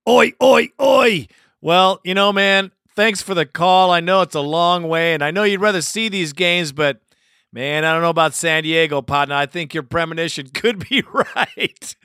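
A man's voice: on the high side, normal speed, bright, forceful tone, clean tone, dry recording, studio quality. A man hosting a fan radio show, hyped and folksy, calling listeners partner and brother.

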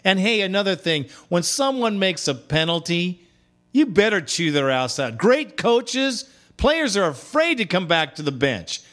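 A man with a somewhat high voice hosts a call-in fan podcast. He talks bluntly and casually, treating callers like old friends. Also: very animated, a little slow, fairly bright tone. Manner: blunt, chummy, calls callers brother. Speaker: podcast host. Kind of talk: casual call-in show hosting.

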